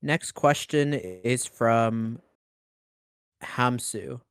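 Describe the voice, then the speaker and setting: A man's voice: medium pitch, very slow, clear, resonant tone, no room sound, studio quality. A young man hosting a Q&A, reading audience questions aloud and adding short comments. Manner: reads questions aloud, then adds brief comments.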